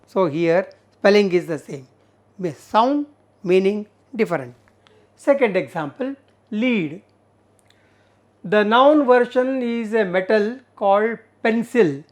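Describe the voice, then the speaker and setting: A woman with an Indian English accent teaching an English lesson, explaining slowly with many fillers and repeated words. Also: medium pitch, expressive, darkish tone. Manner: slow, repetitive explaining with frequent fillers. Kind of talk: recorded classroom lesson.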